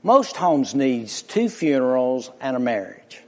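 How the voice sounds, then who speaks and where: A man's voice: mid-range voice, sing-song, slow pace. A man preaching a sermon with passion, building through repeated phrases and rhetorical questions. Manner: impassioned, rhetorical questions, repetition. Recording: long reverb of a large hall.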